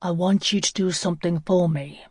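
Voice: mid-range voice, steady tone, moderate pace, a little mellow, no room sound, studio quality, natural voice. A reader voicing a cold, insistent young wife who pleads and pushes. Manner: pleading, pushy.

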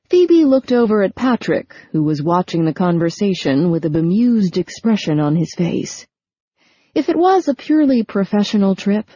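A woman reading a novel aloud as audiobook narrator, in steady, even storytelling. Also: mid-range voice, slightly rough, no echo. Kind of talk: scripted narration. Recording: dull lo-fi recording.

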